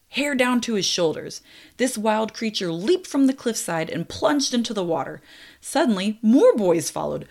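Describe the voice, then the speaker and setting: A young woman narrating a true story in a lively way, with apologetic, self-deprecating asides. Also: medium pitch. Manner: lively, laughs at own slips, apologetic asides.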